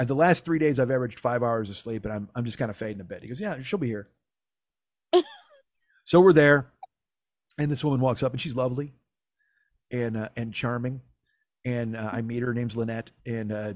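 A man's voice: medium pitch, no echo, studio quality. A man hosting a podcast, telling a comic story in a profane, exasperated, self-mocking way. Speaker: podcast host.

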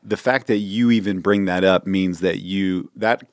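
A man co-hosting a comedy podcast, talking in a rambling, halting, mock-stern way. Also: low-pitched, fairly even intonation, no room sound, studio quality. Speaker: podcast co-host. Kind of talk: comedic casual chat.

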